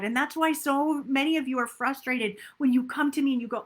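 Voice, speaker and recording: A woman's voice: sits high, moderate pace. A woman weight loss coach giving an upbeat, emphatic motivational talk and acting out inner self-talk.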